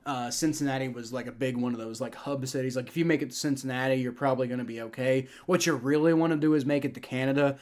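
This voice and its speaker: A man's voice: mid-range voice, fairly even intonation, fast talker, few pauses, a little mellow. A young man from the United States hosting a casual livestream, reacting to a game and chatting, rambling through lots of restarts and fillers. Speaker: livestream host. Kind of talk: casual live reaction and play-by-play.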